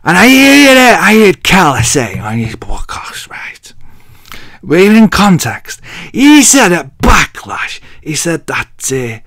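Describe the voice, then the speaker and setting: A man with a deep voice, rambling jokily through a casual wrestling recap with self-mocking asides. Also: big pitch swings, slow pace, fairly bright tone, no echo, studio quality. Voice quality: deep, masculine. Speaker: wrestling vlogger.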